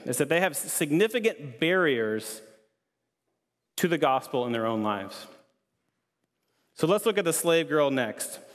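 A man's voice: on the high side, a bit bright. A man pastor preaching a sermon in an earnest, conversational way, repeating key lines for emphasis. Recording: long hall reverb.

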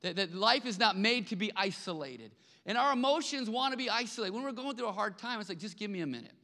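A man's voice: high-pitched, animated, brisk, bright, forceful tone. A man preaching a sermon as pastor, speaking in a conversational way and often repeating words when he stresses a point. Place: large church hall. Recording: long hall reverb.

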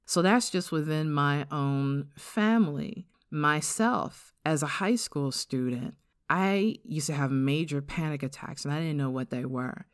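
A middle-aged woman with an African-American English accent shares her personal testimony on a podcast. Her voice is smooth and resonant, recorded close and dry with no room sound. She speaks in an earnest, reflective way and slows down to stress the words that matter. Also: low-pitched, no room sound. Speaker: podcast host.

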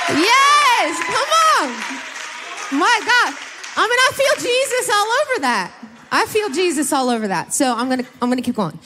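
Tearful woman speaking in a reverberant church. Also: fairly high pitch. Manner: emotional, laughing, tearful. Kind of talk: Mother's Day church talk. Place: large church hall. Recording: long reverb of a hall.

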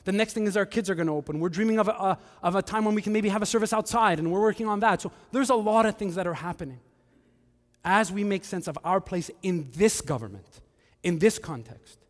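A man preaching a sermon as pastor, animated, with joking asides and acted-out quotes. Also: sits high, quick pace, in a large hall.

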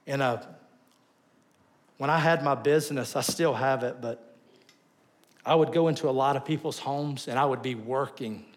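A male pastor delivers a sermon in a voice of ordinary middle pitch. He tells stories with animated swings, rising into loud bursts and then dropping to soft, quiet asides. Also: moderate pace, pauses often.

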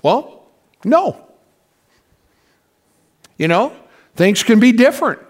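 A male pastor with a high voice delivers a sermon in an easygoing, chatty manner. He drops casual slang and keeps pulling the congregation in with quick questions. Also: sing-song. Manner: conversational, calls for responses from congregation; folksy slang.

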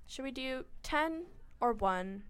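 A woman's voice: high voice, lively intonation, slow pace, clear, resonant tone. A teenage girl co-hosting a casual radio chat, rambling and giggly with lots of fillers. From United States. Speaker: co-host.

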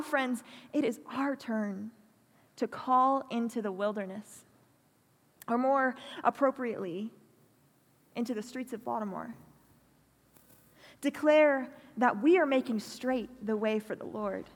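A woman preaching a sermon in a church, earnest and pastoral, speaking slowly and deliberately. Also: fairly high pitch. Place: church hall. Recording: long hall reverb.

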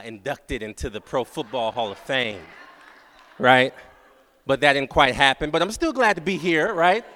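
A man delivering a sermon as a guest speaker, repeating his phrases and checking in with the crowd by asking "right?", slowing down when reciting prayer. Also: mid-range voice, sharp tone. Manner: slow, drawn-out prayer recitation. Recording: long hall reverb.

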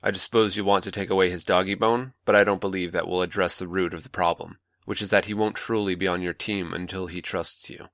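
A man playing a manipulative older male mentor, calm, patronizing and coaxing, in a dry close recording. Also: deep voice, a little fast, few pauses, dry recording.

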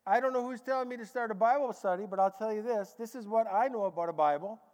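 A man preaching a sermon, telling his story in a lively way and acting out the dialogue. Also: high voice, fast talker. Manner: animated, acts out dialogue in a lively way. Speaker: preacher giving a testimony. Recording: echoey large hall.

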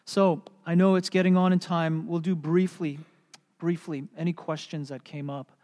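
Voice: mid-range voice, normal speed. Pastor preaching in an echoing hall. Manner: animated storytelling, drops to soft hushed tones for quoted words. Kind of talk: sermon.

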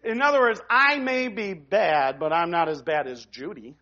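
A man preaching to his congregation in an easygoing, talky way, stopping to restart phrases and tossing in "right?" as he goes. His voice sits high for a man. The recording sounds somewhat dull and lo-fi. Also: moderate pace, sharp tone. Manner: conversational preaching with frequent restarts and "right?" tags. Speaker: pastor. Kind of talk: sermon.

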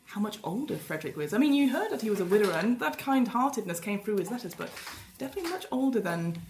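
A woman's voice: medium pitch, big pitch swings, fast talker, a little mellow. Woman game master, playful, laughs often, echoey room, faint noise. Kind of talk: running a tabletop role-playing game.

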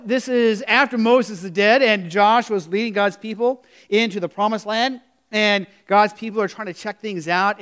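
A man's voice: high voice, fairly bright tone, clear, resonant tone. A pastor giving a conversational sermon, retelling stories and asking his congregation questions.

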